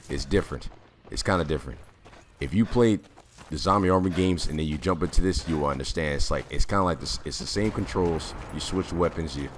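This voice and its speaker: A man giving casual gameplay commentary, jumpy and prone to sudden loud exclamations, with a slightly raspy voice. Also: rumbling low, a little hiss or hum. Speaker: gamer.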